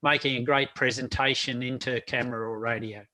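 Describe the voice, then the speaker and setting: A man's voice: mid-range voice, fairly even intonation, fairly quick, pushed and bright. A man hosting an interview, asking questions with frequent hesitations and restarts. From Australia. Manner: hesitant, many fillers and restarts. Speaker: interviewer, podcast host.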